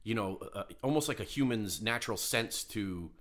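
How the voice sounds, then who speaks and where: A man's voice: lowish voice, animated, moderate pace, fairly bright tone. A man co-hosting a podcast in casual chat, matter-of-fact, steering the talk with questions. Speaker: podcast co-host.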